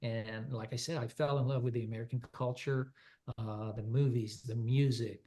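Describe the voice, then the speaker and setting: A man's voice: mid-range voice, fairly even intonation, moderate pace, mellow. Chatty French-native man from Quebec. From Quebec, Canada. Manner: rambling, chatty, many fillers and restarts. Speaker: country singer-songwriter guest. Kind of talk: casual interview chat.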